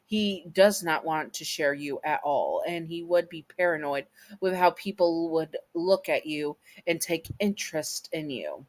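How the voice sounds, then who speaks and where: Low-voiced woman casually reading fan fiction. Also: measured pace. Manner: casual, reads with stumbles and self-corrections. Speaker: fan-fiction reader and channel host. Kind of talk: reading a written fan scenario aloud.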